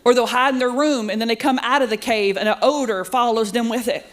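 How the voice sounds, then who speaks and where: A woman's voice: a little high, a little fast. A middle-aged woman with a drawl works a stand-up set on a handheld stage mic. She is sassy and self-mocking, and she keeps chatting straight to the crowd. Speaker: stand-up comedian. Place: comedy club studio with live audience.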